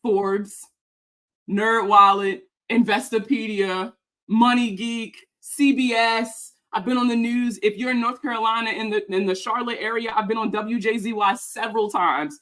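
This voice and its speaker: A woman's voice: on the high side, steady tone, normal speed, a bit bright. A young woman rants to camera, heated and emphatic, swearing freely. She sounds a little out of breath as she speaks. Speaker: personal finance content creator. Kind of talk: ranting reaction vlog.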